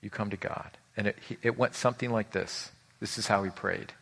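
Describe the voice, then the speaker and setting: A male pastor in his forties delivers a conversational sermon in a gravelly, bright voice. He acts out the people in his stories and swings from loud, lively moments to hushed ones. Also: on the low side, a little fast.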